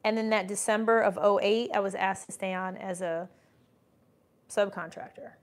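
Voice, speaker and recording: With fairly even intonation and a mid-range voice at normal speed, a woman in her forties hosts an informal livestream as a business coach. She reads out chat comments, pushes emphatic motivation, and ridicules doubters by mimicking them.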